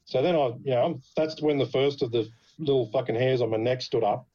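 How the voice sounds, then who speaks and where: A man's voice: medium pitch, a little fast, lo-fi sound. A man with an Australian accent hosting a podcast, telling stories in casual chat, swearing freely and laughing as he goes. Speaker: podcast host.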